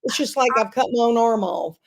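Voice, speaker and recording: A woman's voice: a little high, brisk, creaky. Folksy woman in her fifties. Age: 50s. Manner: folksy and self-deprecating, calls people honey. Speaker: comedian guest. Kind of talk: casual chat.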